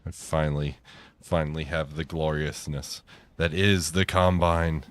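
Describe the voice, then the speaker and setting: Deep-voiced man teasing his co-player. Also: level tone, unhurried. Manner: dry, teasing. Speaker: game player and co-host. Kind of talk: casual gameplay chat.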